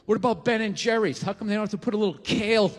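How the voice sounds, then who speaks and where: A man's voice: high-pitched, very fast, in a large hall. A man in his forties doing a stand-up comedy set, ranting and profane, with sarcastic asides. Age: 40s. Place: comedy stage.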